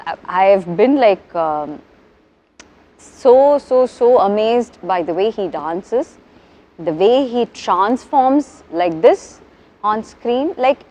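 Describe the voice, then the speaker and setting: Interview guest, woman, somewhat high voice, lively anecdotes with acted-out quotes. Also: takes it slowly. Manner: animated storyteller, acts out quotes, laughs often. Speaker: film actress, interview guest. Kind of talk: casual interview chat.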